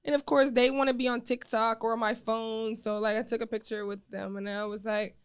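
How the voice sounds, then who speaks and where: A woman's voice: fairly high pitch, brisk, clear, resonant tone. A young woman, a podcast guest, chatting casually and telling stories animatedly, acting out what people said. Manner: animated storyteller, acting out quotes.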